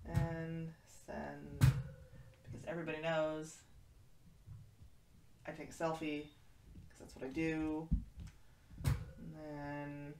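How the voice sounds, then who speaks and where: Woman, low voice, chatty livestream host, reads out chat, echoey room, off-mic, background noise. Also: vocal fry, far from the mic. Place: kitten room, indoors.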